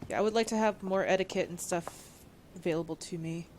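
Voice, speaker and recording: A woman streamer giving casual, excitable gameplay commentary and reading on-screen text aloud. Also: fairly low pitch, a little fast, slight background noise.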